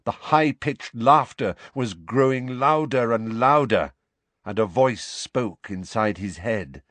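Guy reading an audiobook slow and dramatic, lower voice, dead dry sound. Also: fairly bright tone, no room sound. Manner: dramatic, tense storytelling. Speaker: audiobook narrator. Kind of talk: scripted narration.

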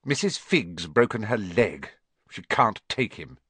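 A man reading an audiobook, voicing a fussy, snappish middle-aged aunt in a much higher, sharp voice. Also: big pitch swings, a little slow, husky, no echo, exaggerated voice. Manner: sharp and scolding, doting on her son.

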